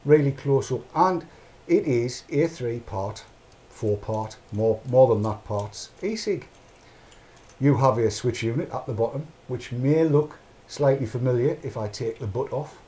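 A man's voice: medium pitch, lively intonation, unhurried, warm tone. A middle-aged man, hosting a casual chat show in a rambling, chatty way and narrating his own actions aloud. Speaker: podcast host.

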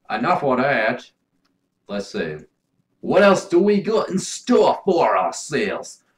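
Slow, laid-back young male gamer. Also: mid-range voice, wildly swooping pitch. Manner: laid-back, crude, jokey, mumbling asides. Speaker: gaming video host. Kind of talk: casual gameplay commentary.

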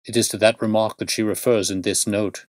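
A man's voice: on the low side, fairly even intonation, fairly quick, no echo, natural voice. Man playing anguished middle-aged banker, pleading, exclaiming, dry close recording. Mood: despairing.

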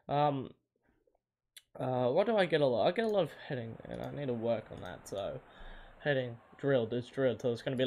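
A young man giving casual commentary while playing a football video game, often frustrated and yelping at missed shots. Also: mid-range voice. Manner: frustrated, yelps and groans at misses. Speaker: gamer.

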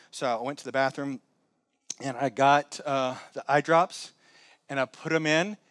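A man preaching a sermon as pastor, swinging between loud, high exclamations and low, quiet asides. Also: dry recording, clean studio sound. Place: church sanctuary.

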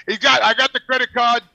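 A man's voice: very high voice, gravelly, dry recording. A man, telling a profane story on a podcast. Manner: profane, animated, quotes people in put-on voices. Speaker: regular podcast guest. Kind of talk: casual storytelling.

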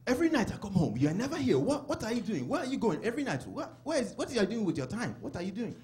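A man's voice: sits high, big pitch swings, very fast, a little mellow, voice pushed up. Nagging middle-aged dad, stern, repeats himself, a man putting him on. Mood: scolding. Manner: nagging, repetitive questioning. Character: stern middle-aged father questioning his son.

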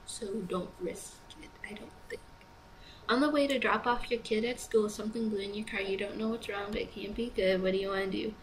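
A woman's voice: mid-range voice, fairly even intonation, fairly quick, slight background noise, rough recording. A young woman playing a choice-based game, reading the prompts aloud and chatting through her decisions, sleepy and yawning. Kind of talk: let's play commentary.

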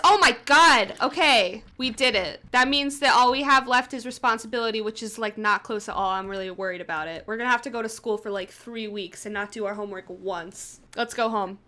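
Young woman, gameplay commentary host. High, bouncy voice, playful and excitable, chants repeated commands. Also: normal speed, hardly any pauses. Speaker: gaming video host.

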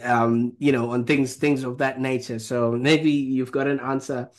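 A man hosting an interview, asking long questions in a rambling, halting way, full of fillers. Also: medium pitch, level tone. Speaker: podcast host.

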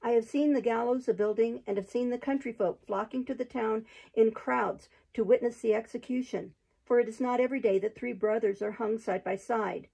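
A woman's voice: a little high, steady tone, fairly quick, vocal fry, warm tone, slightly rough. A woman voicing a poor, ragged old male pilgrim who speaks plainly and with dignity, read aloud from a storybook.

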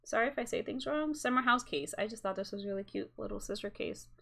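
A young woman at home chatting casually through a cross-stitch haul, rambling with asides and quick apologies. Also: a little high, vocal fry, fairly bright tone. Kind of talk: casual chat showing a craft haul.

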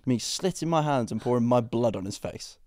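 A young man co-hosting a podcast, telling stories in an animated way and laughing often. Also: medium pitch, a little fast, no echo. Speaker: podcast co-host. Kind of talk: casual chat.

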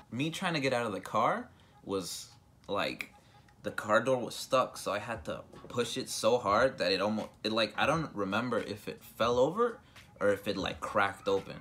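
A man's voice: lowish voice, bright, forceful tone. Rambling young man telling a storytime. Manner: rambling, loose, many fillers and restarts. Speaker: vlogger. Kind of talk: casual storytime.

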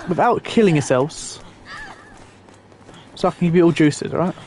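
A young man commentating a video game, exasperated and swearing loudly at the characters he guides. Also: on the high side, expressive, normal speed. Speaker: gamer. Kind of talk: let's play commentary. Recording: game sounds and noise behind voice.

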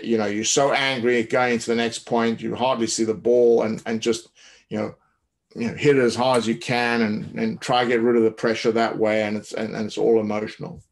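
A man giving a coaching webinar, explaining in a loose way with many fillers and restarts. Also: medium pitch. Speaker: tennis coach. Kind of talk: webinar talk.

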